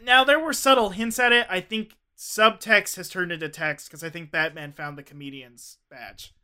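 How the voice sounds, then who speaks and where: A man's voice: sits high, normal speed, bright, forceful tone, clear, resonant tone. A man co-hosting a casual podcast chat, rambling through banter and laughing often. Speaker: podcast co-host.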